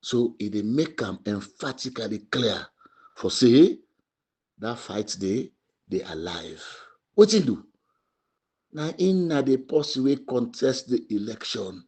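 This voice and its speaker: A man with a husky Sierra Leonean Krio English accent argues political points with real fire. He keeps hammering the same phrases and often climbs into loud, high bursts of emphasis. His pitch stays middling for a man. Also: expressive, unhurried. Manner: emphatic, repetitive, rising to shouts. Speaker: party spokesman. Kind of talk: impassioned political commentary.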